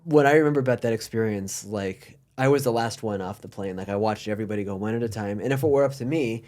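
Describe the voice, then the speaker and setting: A man's voice: fairly low pitch, fast talker, a little mellow. An American man hosting a casual podcast chat, telling stories animatedly with lots of fillers and restarts. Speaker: podcast host.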